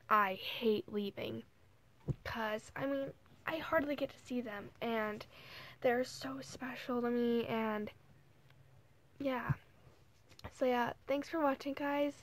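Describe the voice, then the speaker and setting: A teenage girl vlogging casually, talking softly and hesitantly with many fillers while holding back tears. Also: a little high. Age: teens. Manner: soft, hesitant, full of "like" and "you know". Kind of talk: casual emotional vlog.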